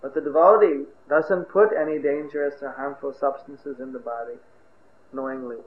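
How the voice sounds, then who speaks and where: A man's voice: mid-range voice, normal speed. Man preaching over a tinny, echoey recording. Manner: animated storyteller, shouts out characters' cries. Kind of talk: sermon with storytelling.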